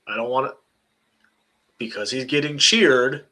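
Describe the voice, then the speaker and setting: A man's voice: medium pitch, measured pace, bright, forceful tone. A young man co-hosting a wrestling podcast, talking in a loose, joking way that often trails off and restarts. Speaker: podcast co-host. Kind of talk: casual chat.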